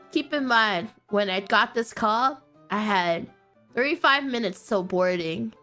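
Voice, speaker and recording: A woman streamer telling a story in a casual way, animated and often breaking into laughter. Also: fairly high pitch, slow, long pauses, faint music behind.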